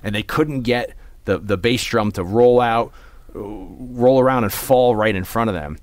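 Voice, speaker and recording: A man with a lowish voice co-hosts a podcast, speaking at a measured pace in a dry recording. It's easygoing chat that rambles, with lots of fillers and repeated restarts.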